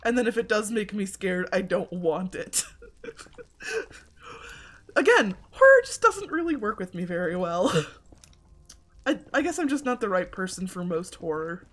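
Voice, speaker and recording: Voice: mid-range voice, big pitch swings, a little slow, pauses often, a bit bright. A game streamer in casual chat while playing, rambling with lots of filler words and a self-deprecating tone, on a desk mic at home. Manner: rambling, many filler likes.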